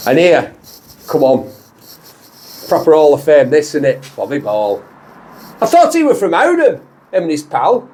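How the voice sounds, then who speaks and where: Riding in a moving car, a Lancashire-accented car show host rambles and cracks jokes, laughing easily in casual banter. His voice is fairly high and sing-song, husky, with a darkish tone.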